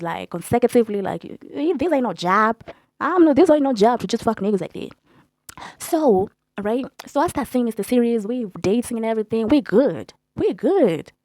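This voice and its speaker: A young woman telling a casual, profane storytime with a blunt, animated delivery. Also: medium pitch, dry recording. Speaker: storytime vlogger.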